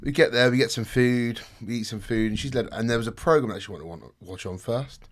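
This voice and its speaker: A man telling a personal story in casual chat, animated and swearing often, laughing along the way. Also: mid-range voice, brisk. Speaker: podcast guest telling a story.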